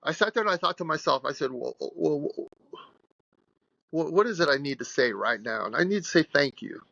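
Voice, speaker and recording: A man in his sixties, a guest strength coach, telling an animated, rambling story in a podcast interview. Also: on the high side, moderate pace, gravelly, no room sound, highs cut off. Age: 60s.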